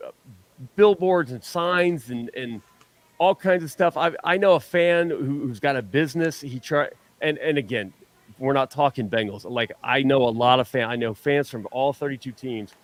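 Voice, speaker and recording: A man at an ordinary middle pitch talks in loose, rambling bursts, often stumbling and restarting his sentences. He is self-deprecating and easygoing as a guest on a fan show. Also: moderate pace, dry recording. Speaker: superfan guest. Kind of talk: casual chat.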